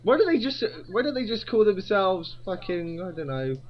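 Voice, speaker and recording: A man's voice: high-pitched, big pitch swings, normal speed. Rambling, swearing man on lo-fi audio. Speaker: podcast co-host. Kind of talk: casual comedy chat.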